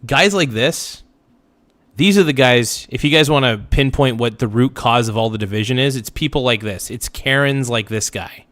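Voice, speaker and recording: A man in the middle of a livestream rant, blunt and emphatic, who keeps circling back to the same point. His voice sits at an ordinary middle pitch. The sound is close and dry, with no room echo. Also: normal speed, a bit bright. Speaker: livestream reaction host. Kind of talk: ranting reaction commentary.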